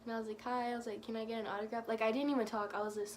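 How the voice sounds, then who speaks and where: A woman's voice: on the high side, steady tone, very fast, hardly any pauses, slight background noise. A woman telling a rambling, gushing story for her vlog, leaning on "like" again and again. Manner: gushing, rambling, heavy use of "like". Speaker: vlogger.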